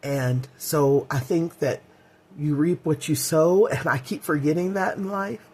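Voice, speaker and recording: A woman's voice: deep voice, unhurried, a little mellow, husky. A middle-aged woman vlogging in a candid, heartfelt way, rambling with fillers as she talks. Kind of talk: casual personal vlog.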